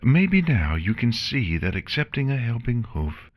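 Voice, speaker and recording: A man voicing a calm, gentle royal princess who lectures kindly in a fan storybook reading. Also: medium pitch, measured pace, pitched above the performer's own voice.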